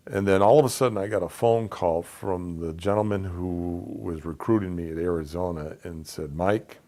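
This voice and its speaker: A man's voice: low voice, a little mellow. A man telling a personal story in a casual, conversational way, acting out the voices of people in it. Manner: conversational, acts out quoted dialogue. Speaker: speaker telling his life story.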